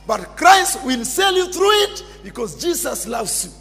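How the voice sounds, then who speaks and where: A man preaching a sermon as pastor, emphatic and repetitive, bursting into shouts. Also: very high voice, very animated, a little slow, vocal fry. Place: church. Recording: long church reverb with music behind.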